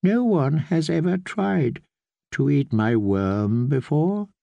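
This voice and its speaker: A man reading an audiobook, voicing a mysterious old priest who asks questions in a slow, quiet, measured way. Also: fairly high pitch, expressive, vocal fry, no room sound, lo-fi sound, exaggerated voice. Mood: solemn. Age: older. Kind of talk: audiobook character voice.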